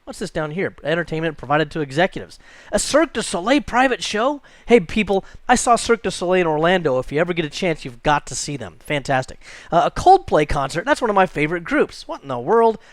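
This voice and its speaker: A man teaching a screen-recorded software tutorial, chatty and jokey, thinking aloud as he clicks through. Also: high-pitched, very animated, fast, dry recording. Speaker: computer instructor.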